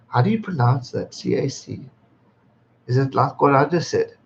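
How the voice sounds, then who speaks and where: A man's voice: medium pitch, moderate pace, gravelly, a little hiss or hum. Young man in his twenties, casual live-stream chat, laid-back and swearing, reads viewer comments, slightly dull lo-fi audio. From England. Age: 20s. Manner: chatty and laid-back, swears freely and laughs often. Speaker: streamer hosting his birthday livestream.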